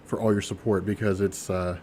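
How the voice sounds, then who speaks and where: A man's voice: low voice, little pitch movement, fairly quick, a little mellow, a little hiss or hum. A man co-hosting a podcast, rambling in a casual chat with many fillers. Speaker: podcast co-host.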